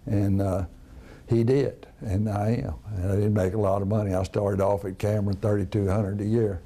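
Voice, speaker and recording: An older man, a retired basketball coach reminiscing in a folksy, casual interview with many pauses and restarts. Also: on the low side, little pitch movement, dark tone. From Texas. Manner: folksy storyteller, frequent "uh" and restarts.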